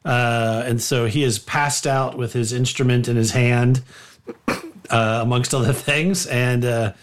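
A man narrating as game master of a tabletop game, relaxed and full of fillers. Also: medium pitch, unhurried.

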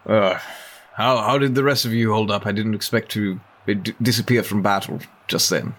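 A man's voice: on the low side, fairly even intonation, moderate pace, a bit bright. A man playing his character in a tabletop game, asking questions and planning in character, with a slight accent. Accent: non-native English speaker. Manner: inquisitive, speaks in character. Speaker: player. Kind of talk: in-character roleplay chat.

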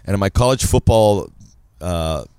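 Deep-voiced man in jokey sports chat. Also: animated, a little slow, warm tone, smooth, no room sound. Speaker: podcast co-host.

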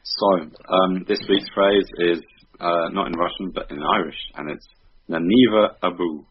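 A man's voice: sits low, steady tone, moderate pace, a little hiss or hum. A man co-hosting a football podcast, laid back with dry joking asides. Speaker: podcast co-host. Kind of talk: casual podcast chat. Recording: dull lo-fi sound.

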